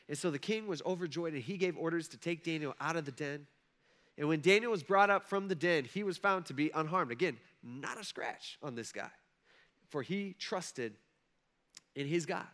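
A man's voice: a little high, moderate pace, fairly bright tone. A man preaching a sermon in a conversational way, with frequent asides to his listeners. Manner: conversational, frequent asides and check-ins with the audience. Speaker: pastor.

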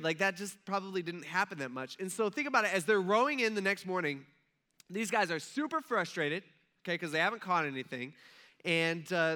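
Male pastor, casual storytelling sermon to a congregation, slightly high, bright and forceful tone. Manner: casual, animated storytelling with acted-out asides.

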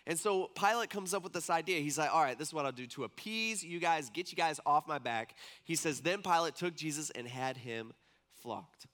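A man preaching a sermon as a casual, animated story, acting out the quotes of the people in it. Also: fairly high pitch, normal speed.

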